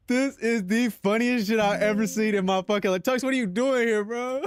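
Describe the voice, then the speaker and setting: A man's voice: sits high, measured pace, clear, resonant tone, no room sound, clean studio sound. A young man streaming live, chatting casually, joking and swearing, often laughing at his own bits.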